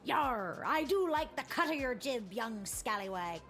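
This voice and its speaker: A woman's voice: on the high side, expressive, unhurried, fairly bright tone. A woman voicing a boisterous female pirate captain in a video game, full of hearty pirate slang and growly laughs. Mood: boastful. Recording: game audio with faint music.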